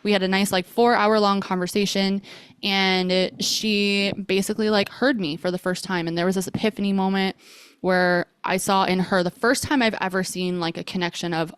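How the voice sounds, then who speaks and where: A young adult woman hosting a podcast, telling a personal story in a chatty, animated way with many fillers. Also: medium pitch, fairly quick, smooth, no echo. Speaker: podcast host.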